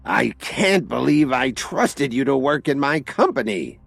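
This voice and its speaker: A man narrating an audiobook and voicing a quick-tempered older father who shouts at the top of his lungs. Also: fairly high pitch, wildly swooping pitch, pitched above the performer's own voice, heavily acted. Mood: furious. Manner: shouting, thundering.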